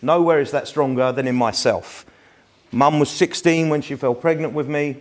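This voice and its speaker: A man's voice: on the high side, normal speed. A man in his fifties with a South East London accent, giving a chatty, anecdote-filled live lecture to a room. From England. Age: 50s. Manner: chatty, anecdotal, self-deprecating.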